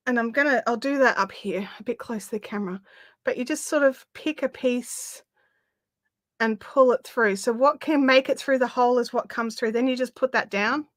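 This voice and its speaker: A woman's voice: a little high, a bit bright, dry recording. An Australian woman hosting a casual live craft chat, chatty and easily amused, a little out of breath. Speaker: craft livestream host.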